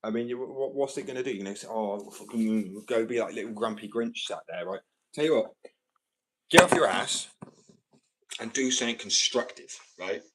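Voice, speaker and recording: A man's voice: medium pitch, quick pace, noisy background. Profane ranting man, slight Australian twang. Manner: profane, combative, rambling. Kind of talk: ranting monologue to camera. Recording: roomy sound from a distant mic.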